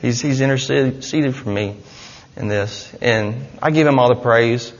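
A man's voice: mid-range voice, a little slow, lo-fi sound. Earnest man testifying in an echoey hall. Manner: earnest, rambling, with many restarts and "you know". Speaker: church member giving a testimony. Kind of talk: personal testimony to a congregation. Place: church hall.

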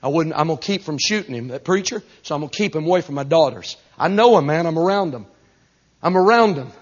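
A man, a traveling Pentecostal preacher, delivering a revival sermon emphatically, with lots of repetition and a husky voice. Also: fairly high pitch, expressive, fast talker. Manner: emphatic, repetitive, swings between hushed and raised. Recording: dull lo-fi recording.

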